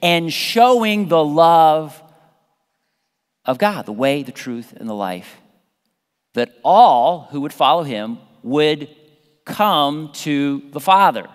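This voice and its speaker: A pastor from the American South preaching a sermon in an animated, conversational way, often repeating phrases and restarting sentences. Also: male voice, fairly high pitch, slow, clean tone. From Southern United States. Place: church sanctuary. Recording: long reverb of a church hall.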